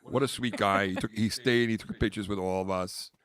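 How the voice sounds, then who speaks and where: Hosting a podcast, a man with a fairly low voice and fairly even intonation talks briskly, sounding a bit bright. He tells loose, rambling stories in casual conversation, name-dropping and acting out quotes.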